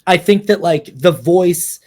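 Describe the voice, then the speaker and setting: A young man with a high voice co-hosts a casual movie podcast. He talks in a chatty way, often restarting his sentences. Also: unhurried, darkish tone. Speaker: podcast co-host. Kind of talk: casual film discussion.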